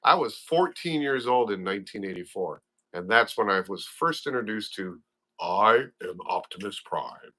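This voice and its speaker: A man's voice: fairly low pitch, expressive, moderate pace, sharp tone. A man in his fifties from southern Wisconsin, a guest chatting on a live stream about fishing and gear, rambling and self-deprecating. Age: 50s. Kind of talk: casual live-stream chat.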